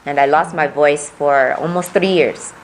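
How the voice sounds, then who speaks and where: A woman running for office, answering interview questions in a soft voice that lacks volume, earnest and repeating words as she builds her point. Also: low voice, fairly even intonation, measured pace, slight background noise, rough recording. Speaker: political candidate.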